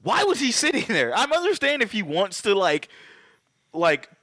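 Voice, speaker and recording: A man with a slightly high, bright voice runs through a movie plot, loose and profane, acting out lines along the way. The sound is dry and close, with no room around it. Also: moderate pace, no room sound. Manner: profane, animated retelling with acted quotes. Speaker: podcast co-host. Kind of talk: casual movie recap chat.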